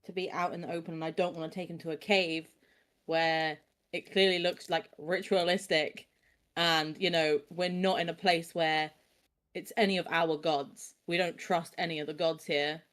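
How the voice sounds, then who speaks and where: A woman's voice: fairly low pitch, level tone, moderate pace, a bit bright. A woman taking part as a player in a tabletop game, chatty and self-mocking, laughing often. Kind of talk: casual tabletop game chat.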